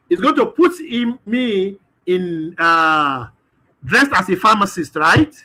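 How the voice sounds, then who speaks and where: A man's voice: high voice, pushed and bright. A man presents a webinar, thinking aloud through a live screen-share demo with hesitant fillers.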